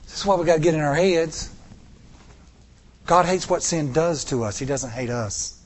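A man's voice: on the high side, moderate pace. A middle-aged man preaching a sermon to a congregation, with repeated rhetorical questions and rising emphasis. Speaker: pastor.

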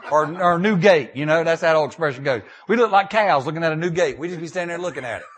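A man's voice: on the high side, lively intonation, very fast, slight background noise. An older man, a pastor, preaching a sermon in a folksy storytelling way, often repeating and restarting his phrases.

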